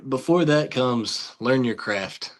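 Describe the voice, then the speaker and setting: A man's voice: medium pitch, animated, slow pace. Laid-back man, folksy interview guest. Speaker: film director and actor. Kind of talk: casual interview chat.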